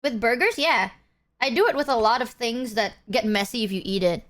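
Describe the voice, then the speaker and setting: High-voiced young woman chatting on stream. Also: fairly quick, fairly bright tone, slight background noise. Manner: chatty, swears casually, talks while chewing. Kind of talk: casual live-stream chat.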